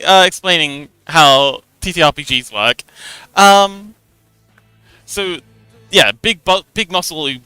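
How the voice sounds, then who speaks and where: Bright, giggly young man streaming. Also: fairly high pitch, smooth, no echo. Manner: giggly, rambling with many restarts. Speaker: livestream host. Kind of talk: casual explanation of a tabletop game.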